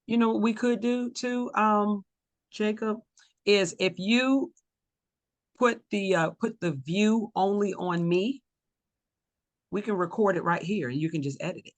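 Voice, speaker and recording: A speaker with a warm Southern US drawl chats easily on a video call, laughing often and restarting sentences as the thoughts come. The sound is dry and close, with no room around the voice. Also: medium pitch, a little slow, long pauses, dry recording. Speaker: teacher selling an online course. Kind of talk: casual video call chat.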